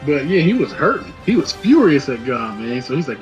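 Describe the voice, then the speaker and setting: A man's voice: on the high side, sing-song, a little fast, music in the background, rough recording. A man casually recapping a movie scene with his co-host, loose and slangy, acting out the characters' lines. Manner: loose slangy storytelling, acts out quotes.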